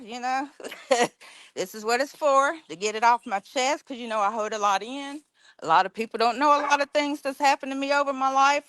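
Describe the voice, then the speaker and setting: A woman's voice: on the high side, fairly bright tone, dry recording. Blunt, emotional middle-aged woman from West Virginia. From West Virginia, USA. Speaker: guest. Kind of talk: candid personal storytelling.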